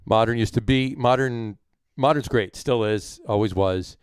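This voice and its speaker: A man's voice: medium pitch, unhurried, clean tone, dry recording, clean studio sound. A man hosting a casual chat show, joking around and rambling with plenty of fillers. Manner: jokey, rambling with many fillers. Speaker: podcast host.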